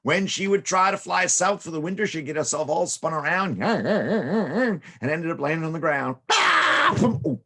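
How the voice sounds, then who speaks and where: A man telling playful children's stories, his pitch swinging widely as he narrates. His voice is gravelly and husky. He drops in sound effects and silly asides. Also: expressive, normal speed, a bit bright. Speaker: children's storyteller. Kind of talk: storytelling for children.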